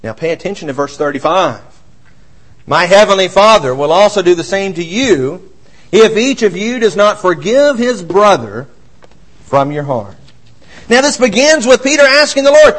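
Male preacher with a high voice, expressive sermon delivery that rises for emphasis and drops for quiet asides. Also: moderate pace, rough recording. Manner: expressive, swings between raised emphasis and quiet low asides.

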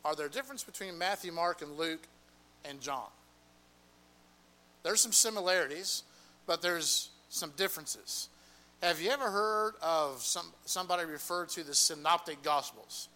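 Bright-voiced man teaching a Bible class. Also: fairly high pitch, moderate pace, low-quality recording. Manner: asks the class questions and repeats answers, frequent "okay".

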